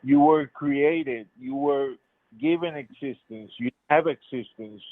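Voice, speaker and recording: A man's voice: mid-range voice, slow pace. A man in his fifties calling into a live debate show, insistently repeating his argument over and over. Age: 50s. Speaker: caller. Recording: tinny phone line.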